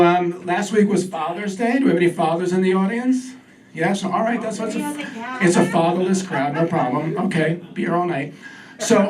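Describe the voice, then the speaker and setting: A man's voice: sits high, noisy background. A man doing a stand-up comedy set on a club stage, talking in a loose, self-deprecating way. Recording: distant stage mic with crowd. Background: audience laughter.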